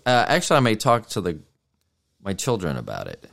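A middle-aged American man talks alone into his podcast mic in a very deep, low voice. He rambles casually, thinks out loud and makes fun of himself along the way. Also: wildly swooping pitch, brisk, gravelly. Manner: rambling, self-deprecating, thinks aloud. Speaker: podcast host. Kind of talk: casual solo podcast monologue.

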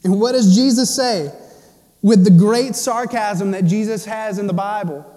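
A man preaching a sermon to his church, swinging between loud passionate stretches and hushed, quiet ones. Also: high-pitched, a little slow, long reverb tail. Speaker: pastor.

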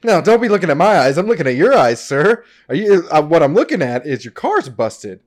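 A man's voice: fairly high pitch, sing-song. A man playing a shady drifter on horseback who claims to be a mechanic, evasive and blustering. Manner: evasive, blustering, talks fast.

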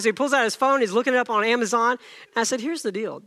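A middle-aged man preaching a sermon, telling a story and acting out the dialogue with lively energy. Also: very high-pitched, fast talker, a faint crowd. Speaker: pastor.

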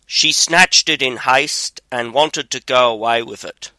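A man calmly reading a fairy tale aloud as narrator. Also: medium pitch, unhurried, no room sound, rough recording. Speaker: storyteller.

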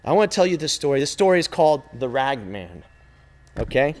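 A man preaching a sermon to a youth group, emphatic and repetitive, with dramatic pauses. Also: medium pitch, very animated. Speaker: youth pastor.

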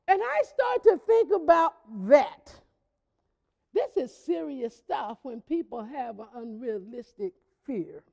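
High-voiced woman pastor preaching. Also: slow pace, creaky, in a large hall, lo-fi sound. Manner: conversational storytelling with lively emphasis. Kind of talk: sermon.

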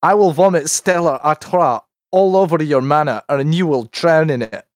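A man's voice: a little high, normal speed, dry recording, studio quality. A British man hosting a livestream, laughing often as he reads out a comic rant and the chat. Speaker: livestream host. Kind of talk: casual stream chat and comic rant reading.

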